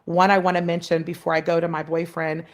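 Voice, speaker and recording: Low-voiced woman telling her life story. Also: little pitch movement, fast talker. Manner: heartfelt, many fillers and restarts, acts out voices in her story. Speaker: podcast guest. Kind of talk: personal storytelling.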